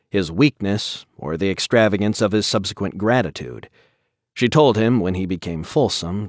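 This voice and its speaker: Man, audiobook narration, low pitch, dry sound, measured and even. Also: no room sound. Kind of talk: scripted narration.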